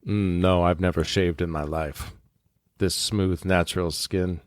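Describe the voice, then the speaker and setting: Male tabletop player, deadpan and teasing, lowish voice, dry close sound. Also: measured pace, no room sound. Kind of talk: in-character tabletop play.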